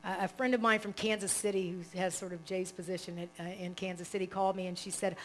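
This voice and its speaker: A woman minister preaching a live sermon in an animated, conversational way, rambling and restarting as she talks. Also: fairly low pitch, fast talker, few pauses, a little hiss or hum, poor audio. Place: church service, live.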